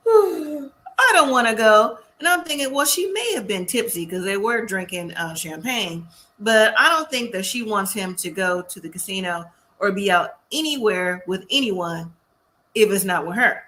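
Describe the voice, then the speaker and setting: Bright-voiced woman recapping a TV show. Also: mid-range voice, animated, moderate pace. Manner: chatty, acts out quotes of the cast. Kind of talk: casual episode recap.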